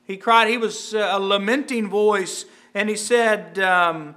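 A middle-aged man preaches with a high, bright voice that rings with an edge. He talks earnestly, stumbling into repeated words and restarts as he works through his points. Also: fairly even intonation, measured pace, few pauses. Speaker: pastor. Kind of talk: sermon.

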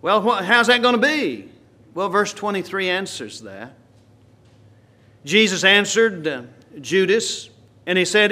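A man preaching a sermon, swinging from quiet, slow asides to loud, emphatic lines. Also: high-pitched, sing-song.

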